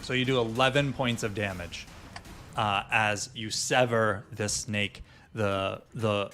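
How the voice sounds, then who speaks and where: Lowish guy dm-ing a d&d game, easygoing, lots of ums, faint music behind. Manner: relaxed, with fillers and pauses to check rules. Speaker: dungeon master. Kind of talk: narrating a tabletop game. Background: soft fantasy music.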